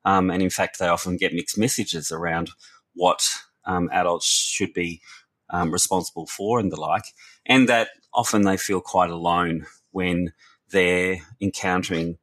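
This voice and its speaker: A researcher and former youth worker talks earnestly and thoughtfully in a podcast discussion, often restarting his sentences. His deep voice is steady and fairly bright, at a measured pace.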